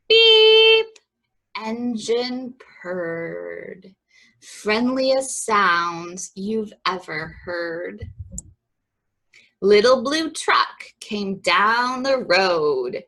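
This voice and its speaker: A woman librarian reading a picture book aloud at children's story time, expressive and rhythmic, with chatty asides to the kids. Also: medium pitch, very slow. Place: library program.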